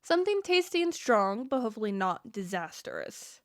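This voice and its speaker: A woman's voice: fairly high pitch, big pitch swings, normal speed. A woman voicing a gracious female innkeeper who welcomes guests and serves magic drinks. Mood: welcoming.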